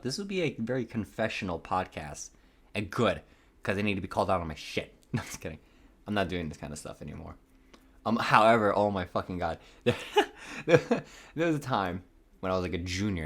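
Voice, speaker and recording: A man's voice: low voice, a bit bright. A young man around twenty, hosting a podcast in a rambling, casual, profane monologue with nervous voice cracks. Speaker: podcast host.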